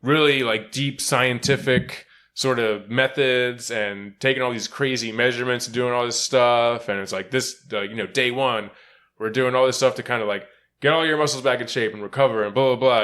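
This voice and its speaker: A man with a bright, forward voice chats loosely about sports as a podcast co-host. He laughs often, swears freely, and slips into loud, high-pitched impressions of other people. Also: fairly even intonation, a little fast. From Philadelphia area. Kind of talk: casual sports chat.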